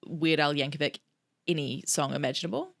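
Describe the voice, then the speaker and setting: Teasing young woman, low voice. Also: brisk, gravelly, a bit bright. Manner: teasing, laughs often, swears casually. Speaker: podcast co-host. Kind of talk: casual chat.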